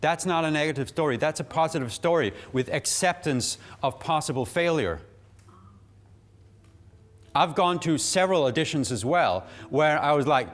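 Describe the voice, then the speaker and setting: A man teaching a public speaking workshop, animated and laughing often. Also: a little high, moderate pace, faint music behind. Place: workshop room.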